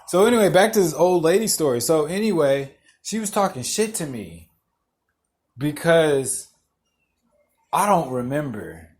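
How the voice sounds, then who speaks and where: A man's voice: fairly high pitch, very animated, measured pace, darkish tone. A young adult man hosting a podcast, telling blunt, profane stories in a casual monologue and often laughing through them. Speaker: podcast host.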